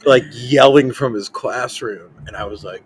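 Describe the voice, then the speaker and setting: A young man hosting a podcast, telling a long story in casual chat, full of "like" fillers and animated quotes. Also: medium pitch, moderate pace, slightly rough, rough recording. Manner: rambling, lots of "like" fillers, animated quoting. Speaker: podcast host.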